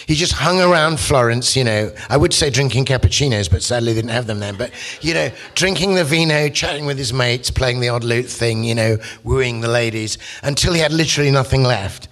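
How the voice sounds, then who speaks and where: A man's voice: medium pitch, fairly quick, a bit bright. A man, a poet and musician, giving a casual, rambling talk full of asides. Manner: chatty and rambling, with frequent asides and restarts. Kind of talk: casual lecture and poetry talk.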